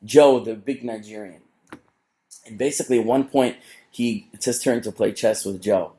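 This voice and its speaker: A middle-aged man, a rabbi, giving a storytelling sermon to a live audience, animated, with frequent restarts and asides. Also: fairly low pitch, normal speed.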